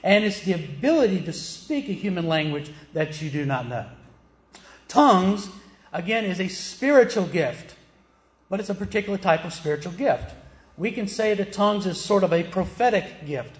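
A man's voice: sits high, expressive, moderate pace, reverberant. A man from the American South with a Southern accent, preaching a sermon in a plain, emphatic teaching manner, asking the listeners questions. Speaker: pastor.

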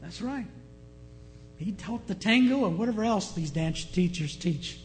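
A man's voice: sits high, a little slow, a little hiss or hum. A man preaching a sermon, telling stories and putting questions to the congregation. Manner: animated storyteller, asks the congregation questions. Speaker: pastor. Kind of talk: sermon with storytelling.

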